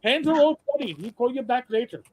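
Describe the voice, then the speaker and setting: Man faking a curt answering machine guy, clipped, highish voice. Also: lively intonation, a little slow, a little mellow, heavily acted. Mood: brusque.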